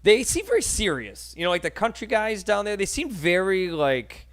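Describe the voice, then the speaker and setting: A man's voice: high voice, normal speed. A man in his thirties with a New York accent, hosting a casual interview and telling stories with acted-out quotes and frequent laughs. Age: 30s. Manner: animated storyteller, acts out quotes, laughs often. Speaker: host.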